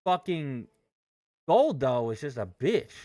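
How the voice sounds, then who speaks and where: A man's voice: mid-range voice, sing-song, slow, dark tone, dry recording, studio quality. A man livestreaming his day trading, ranting with heavy profanity. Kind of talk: live trading stream commentary.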